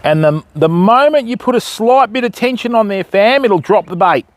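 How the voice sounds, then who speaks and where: With lively intonation and a moderate pace, the Australian man carries on a chatty live fishing broadcast by the water. Between remarks to viewers, he calls out to his dogs in a high, sing-song voice.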